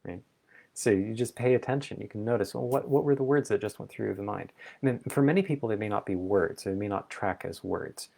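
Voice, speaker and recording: A man hosts a reflective solo talk and thinks aloud with playful asides. His voice sits low and carries a steady vocal fry, and he lets his thoughts unfold at an exploratory pace. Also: a little fast. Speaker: vlog host.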